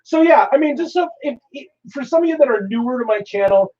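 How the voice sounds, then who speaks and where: A man's voice: very high-pitched, animated, fast talker, a little mellow. A man hosting a live stream, chatting casually in a rambling, joking way with frequent laughter. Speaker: host. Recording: dull lo-fi stream audio.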